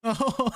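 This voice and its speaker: Laughing often between questions, a young man chats casually and gigglingly with viewers while gaming on a live stream. The sound is clean studio quality with no echo, though faint background noise comes through.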